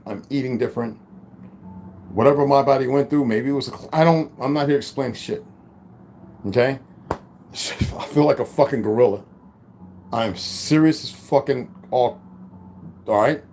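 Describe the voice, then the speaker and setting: A man casually telling his viewers a story, swearing constantly and calling them y'all in an animated, rambling way. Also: mid-range voice, a little hiss or hum. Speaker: vlogger.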